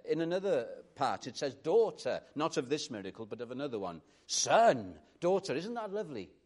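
A man delivers a sermon with a lively, swooping pitch. His voice sits slightly high for a man and moves between emphatic calls and quiet, reflective asides. The delivery is earnest throughout. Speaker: preacher.

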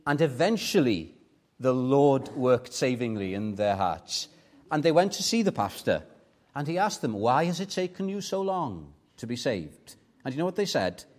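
A man preaching a sermon in church with fervent emphasis, swinging from soft asides to loud, emphatic peaks. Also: medium pitch, very animated, moderate pace. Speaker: pastor.

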